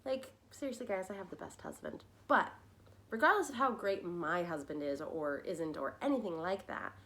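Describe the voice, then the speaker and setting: A woman's voice: lowish voice, animated, fairly bright tone. A young adult woman hosting a podcast, telling a personal story in a frank, rambling, chatty way. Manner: chatty, rambling, frank, with tangents and quick laughs. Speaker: podcast host. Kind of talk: casual personal storytelling monologue.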